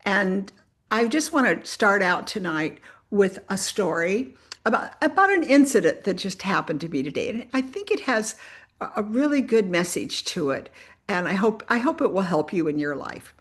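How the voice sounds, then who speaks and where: A woman with a husky, mid-range voice speaks at a moderate pace. She's a church missionary sharing a personal testimony earnestly, speaking straight to her audience as "you guys" and retelling events animatedly with spirited voiced quotes.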